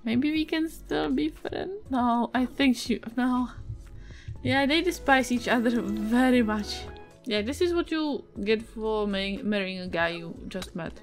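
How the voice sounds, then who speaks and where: A Czech-accented woman giving casual let's-play commentary, excitable, swearing and yelping at the game. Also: a little high, a little slow, faint music behind. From Czech Republic. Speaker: gaming video creator.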